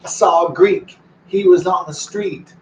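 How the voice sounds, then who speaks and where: Speaking at a measured pace in a high-pitched, steady voice, a man in his 40s meanders through profanity-laced musings, pausing to address his dog. The recording sounds echoey, distant and dull.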